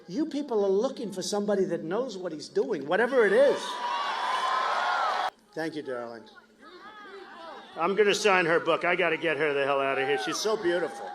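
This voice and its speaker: Boastful man shouting a rally speech. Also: high-pitched, noisy background. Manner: boastful, rambling, shouted asides to the crowd. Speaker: political candidate. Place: large outdoor stadium rally.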